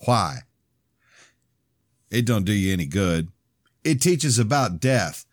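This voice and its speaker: A man's voice: lowish voice, sing-song, slow pace, no echo, voice pushed up, full character voice. A man voicing a smug, hostile teenage boy in an audiobook, taunting and crude, in a dry recording. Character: smug hostile teenage male bully cousin.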